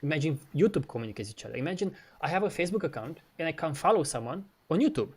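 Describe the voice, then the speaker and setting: A man in casual chat who talks with animated swings and swears a lot, acting out dialogue as he demos software. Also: a little high, fast talker, husky. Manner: animated and profane, mimics dialogue, laughs. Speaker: co-host. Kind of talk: casual chat, screen-share demo.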